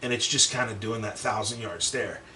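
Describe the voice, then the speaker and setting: A man's voice: fairly low pitch, normal speed. Young guy podcaster telling a story, lots of swearing, acts out the quotes, kinda far from the mic in an echoey room. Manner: profane, animated, acts out quotes. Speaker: podcast co-host. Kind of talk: casual storytelling chat. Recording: roomy echo, set back from mic, faint background noise.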